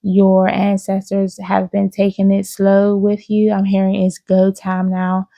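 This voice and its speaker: Slow, soft-toned woman giving a psychic reading. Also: mid-range voice, completely flat delivery, vocal fry, no room sound. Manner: slow, drawn-out, soothing, with many "okay?" asides. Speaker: psychic reader. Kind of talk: intuitive reading to viewers.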